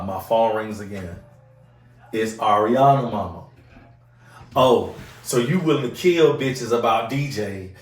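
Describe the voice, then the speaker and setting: A male podcast host with a fairly low voice tells stories in a casual chat, acting out other people's voices with animation and plenty of profanity. The mic sits back from him, giving the recording a roomy sound.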